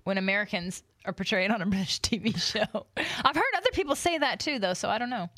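A woman's voice: mid-range voice, fairly quick, fairly bright tone, no room sound, studio quality. A woman co-hosting a casual book club podcast, curious and chatty.

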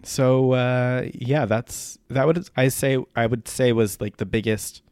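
A man's voice: medium pitch, steady tone, unhurried, a little mellow, smooth, no echo, clean studio sound. A man co-hosting a podcast, gossiping in a laid-back way and trailing off with fillers. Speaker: podcast co-host. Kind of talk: casual chat.

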